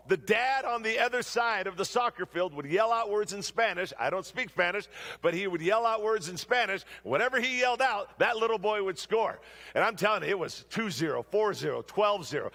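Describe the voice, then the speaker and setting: Middle-aged male preacher, high voice with a gravelly edge, lively storytelling sermon. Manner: animated storytelling, humorous asides. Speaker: guest preacher. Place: church sanctuary.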